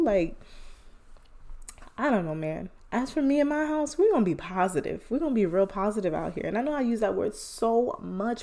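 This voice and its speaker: A woman's voice: a little high, lively intonation, moderate pace, dark tone. A woman hosting a podcast, speaking in an earnest, encouraging casual monologue. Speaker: podcast host. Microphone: phone headphone mic or podcast mic.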